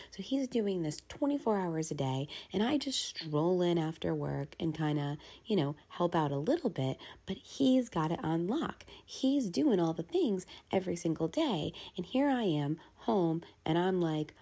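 A woman's voice: sits low, vocal fry, mellow, husky. A woman in her thirties talking frankly and casually in a personal vlog as a working mother. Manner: frank, confessional, casual with fillers. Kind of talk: candid personal vlog talk.

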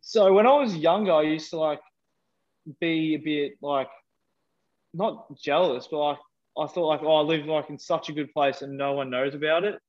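A man's voice: a little high, normal speed. Australian young man, dull lo-fi sound. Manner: rambling, many fillers like "like". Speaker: podcast guest. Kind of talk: casual chat.

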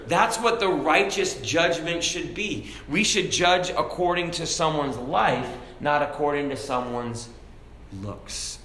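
A man preaching at a Bible study, animated, raising his voice for emphasis and reading scripture in old-fashioned wording. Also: fairly high pitch. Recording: echoey room with faint background noise.

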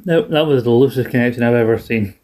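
Scottish man, young adult, casual podcast chat, rambling, frequent restarts, average pitch. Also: fast, a little mellow. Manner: rambling, restarts often, laughs along, swears freely. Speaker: podcast co-host.

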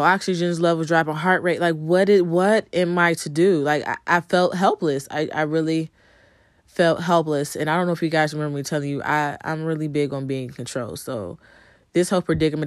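A woman's voice: deep voice, fairly even intonation, brisk, no room sound, studio quality. A woman telling viewers a personal story in a conversational way, with frequent ums and repeated phrases. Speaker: vlogger telling her birth story.

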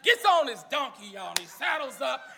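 A man's voice: very high voice, very animated, moderate pace, vocal fry, bright, forceful tone. A man preaching a sermon, telling the story in a folksy way and calling out to the congregation for responses.

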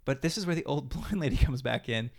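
A man's voice: medium pitch, animated, fast, vocal fry. A man co-hosting a podcast, casually recapping a TV episode and acting out the characters' lines in a mocking way. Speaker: podcast co-host. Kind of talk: casual chat recapping a TV show.

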